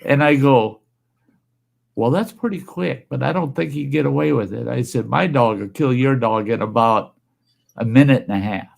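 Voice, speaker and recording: A man's voice: mid-range voice, moderate pace, creaky. A man telling a folksy tale in casual chat, acting out the voices of the people in his stories.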